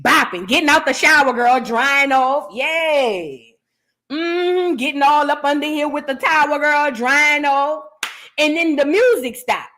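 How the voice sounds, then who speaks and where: A woman's voice: high voice, moderate pace. A woman hosting a live reaction stream, chatting casually with viewers, telling stories with lots of acted-out quotes and calling everyone "girl.". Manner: animated storytelling, calls viewers "girl", acts out quotes. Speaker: host of a live reaction channel. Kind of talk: casual livestream chat.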